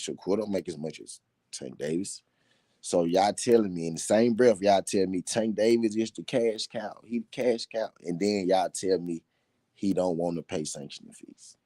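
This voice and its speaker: Man, deep voice, emphatic repetition, casual live talk, dry close sound. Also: a little slow, warm tone, no room sound. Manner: repetitive, emphatic, laughing between points. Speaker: boxing talk show host.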